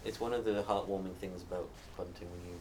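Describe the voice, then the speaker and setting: Low-voiced man on a distant mic. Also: steady tone, quick pace, darkish tone. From Northumberland, England. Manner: thoughtful, storytelling, some restarts. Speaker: panelist. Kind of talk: live panel discussion. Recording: distant mic, faint background noise.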